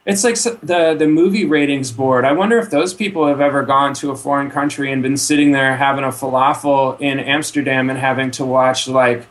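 A man talking in a relaxed, rambling way as a podcast guest. He swears freely and keeps dropping in "you know". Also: mid-range voice, a little fast, hardly any pauses. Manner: laid-back, swears freely, rambling asides; trails off with frequent "you know". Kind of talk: casual chat.

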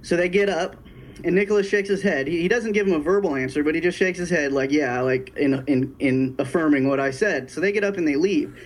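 A man telling a story in casual chat, animated and profane, acting out the people he quotes. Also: fairly high pitch, brisk.

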